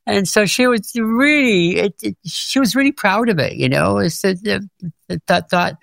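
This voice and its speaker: A man's voice: high voice, lively intonation, moderate pace, vocal fry, no echo, studio quality. An older man, a former music teacher, telling stories in an interview and laughing often. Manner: warm storytelling, laughs often. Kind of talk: reflective interview.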